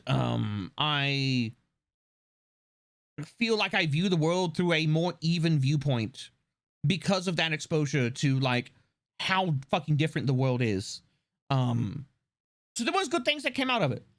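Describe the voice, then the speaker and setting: Casual live streamer with an animated, swinging pitch. Talks in loose, profane rambles full of restarts. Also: measured pace. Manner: rambling, swears freely, frequent restarts and fillers.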